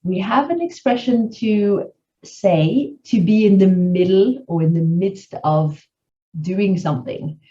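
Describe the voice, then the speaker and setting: Slow, mellow-voiced woman teaching grammar. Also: mid-range voice, dull audio. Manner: clear explanatory teaching, switching between English and French examples. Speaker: French teacher. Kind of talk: grammar lesson.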